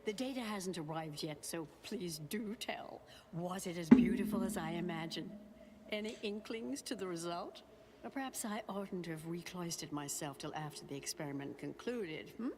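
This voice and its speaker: A woman's voice: lowish voice, normal speed, lightly acted. An actress voicing an eager, prim female scientist with refined, formal diction, heard as game audio over background noise.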